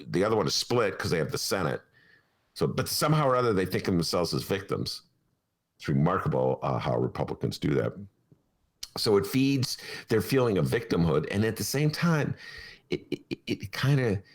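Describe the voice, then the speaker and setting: A man hosting a political podcast, talking in a mocking, animated way and laughing often. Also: fairly low pitch. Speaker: podcast host. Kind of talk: political talk show chat.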